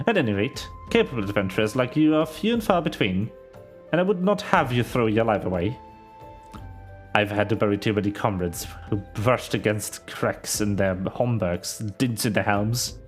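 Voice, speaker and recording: A man voicing a stern, grave male sellsword captain in a game, reading in a measured, formal way with a few slips. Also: fairly low pitch, lively intonation, soft background music, pitched below the performer's own voice, natural voice. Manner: measured, formal, slightly halting read.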